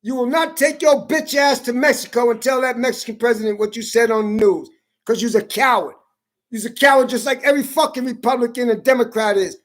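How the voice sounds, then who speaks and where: A woman vlogger delivering an angry, profane political rant to camera, taunting and repeating herself, rising to shouts at times. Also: on the high side, a little fast. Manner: profane, confrontational, repetitive taunting.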